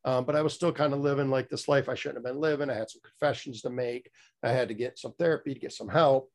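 A man's voice: mid-range voice, fairly even intonation, quick pace. A middle-aged man telling a candid personal story as a guest, rambling with many fillers and restarts, blunt and a little profane.

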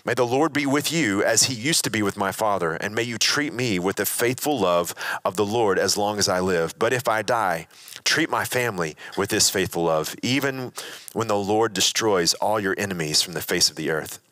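Guy preaching, kinda low voice but bright and punchy, dry close sound. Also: moderate pace, no room sound. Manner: conversational, thinking aloud with restarts. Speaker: teacher. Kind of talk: sermon with scripture reading.

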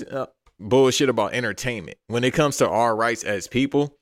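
A man's voice: fairly low pitch, normal speed, a bit bright, no room sound, clean studio sound. A man co-hosting a casual wrestling chat, blunt, profane and opinionated.

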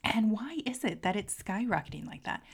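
A woman hosting a podcast as a coach, talking to listeners in an earnest, heartfelt way and sometimes dropping to a soft near-whisper. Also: mid-range voice, animated, a little fast, husky. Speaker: podcast host and marketing coach. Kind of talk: casual podcast monologue.

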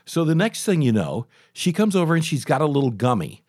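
Animated man in his sixties, dry. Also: medium pitch, fast, hardly any pauses, no echo. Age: 60s. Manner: chatty, animated, frequent restarts and asides. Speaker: radio talk show host. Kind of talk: casual storytelling monologue.

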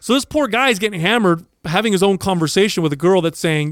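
A man with a fairly high voice tells a story on a podcast. He talks casually, animated, and acts out the people in his story. The sound is close and dry. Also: fast talker, dry recording. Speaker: podcast co-host.

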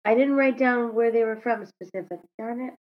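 Heard through a slightly dull lo-fi recording, a woman with a voice on the high side talks at normal speed as a podcast co-host. Her casual chat rambles, with self-corrections as she goes.

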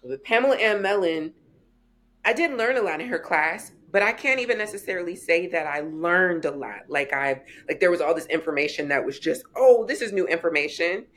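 A woman in her forties, a guest author on a podcast, telling stories in a lively way and acting out quoted voices. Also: lowish voice, brisk. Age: 40s. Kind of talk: podcast interview storytelling.

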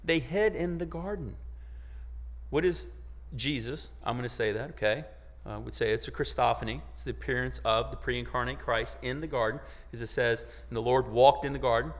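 Bright-voiced preacher in a reverberant hall. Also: male voice, medium pitch. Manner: conversational preaching with many rhetorical questions and restarts; swings from quiet asides to loud exclamations. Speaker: pastor. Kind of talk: sermon.

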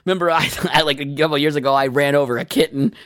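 A man's voice: fairly high pitch, racing, a bit bright, no room sound, clean studio sound. A man telling rambling stories in casual chat, cursing and laughing often.

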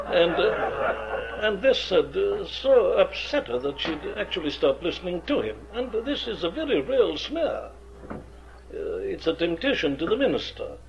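A man's voice: sits high, sing-song, unhurried, gravelly, slight background noise. A man, an experienced preacher lecturing earnestly on how to preach, with emphatic rhetorical questions. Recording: dull lo-fi archive recording.

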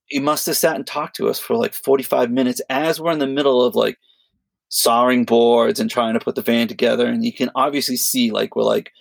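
A man co-hosting a podcast, telling a long story in a rambling, animated way, full of fillers and quoted voices. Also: medium pitch, creaky, no echo. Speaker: podcast co-host. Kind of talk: casual storytelling chat.

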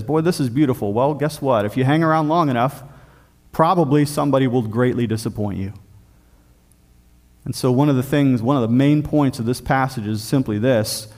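A man preaches a sermon as the pastor of a church. He speaks emphatically, often dropping low and quiet on the key points.

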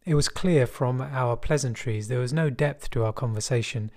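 Middle-aged man, West London accent, mid-pitched voice; reflective first-person storyteller, measured and dry-humoured. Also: a little mellow. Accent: West London English.

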